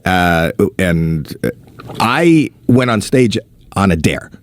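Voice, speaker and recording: A man telling comedy stories as a guest, animated, swearing freely and acting out quotes. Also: deep voice, slow pace, no room sound. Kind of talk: casual storytelling.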